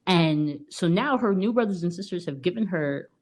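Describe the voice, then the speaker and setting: Low-voiced woman co-host, casual and chatty, retelling a movie plot with lots of fillers. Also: animated, normal speed, darkish tone. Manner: chatty, many "like" and "you know" fillers, laughs often. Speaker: podcast co-host. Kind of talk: casual film review.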